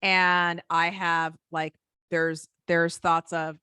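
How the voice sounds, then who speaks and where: Bright, forceful woman guest. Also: fairly low pitch, very slow, clean tone, dry recording, clean studio sound. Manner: earnest, animated, acts out inner voices. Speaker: podcast guest, business coach. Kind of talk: conversational interview.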